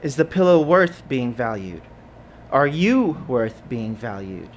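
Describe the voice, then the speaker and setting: Slow, wildly expressive man reading poetry. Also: medium pitch, a little hiss or hum. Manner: questioning, slow and emphatic. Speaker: open mic poet.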